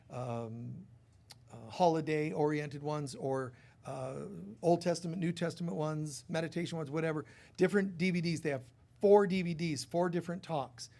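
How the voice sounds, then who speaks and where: A man's voice: fairly high pitch, darkish tone. A man leading a church service, giving rambling, chatty announcements with many fillers to a congregation.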